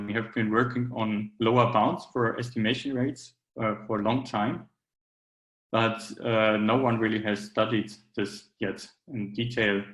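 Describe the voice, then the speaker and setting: A man's voice: lowish voice, fairly bright tone, roomy sound, rough recording. A man giving a technical conference talk, hesitant with frequent fillers and restarts. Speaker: academic speaker.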